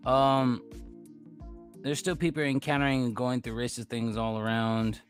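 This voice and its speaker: A man's voice: medium pitch, level tone, normal speed, soft background music. An American man ranting to his viewers in a heated, profane way, repeating himself and arguing back at chat. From United States. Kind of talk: heated casual rant.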